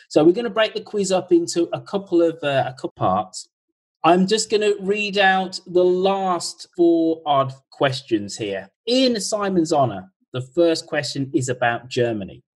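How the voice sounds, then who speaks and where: Husky man reading quiz questions. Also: medium pitch, low-quality recording. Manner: chatty, reads questions slowly twice. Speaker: podcast host running a quiz. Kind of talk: live video-call podcast quiz. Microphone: video call.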